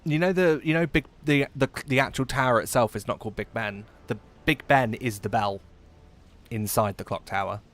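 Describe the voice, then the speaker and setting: A man's voice: medium pitch, moderate pace, a bit bright. A man chatting casually while live-streaming a game, giggling often and trailing off into fillers.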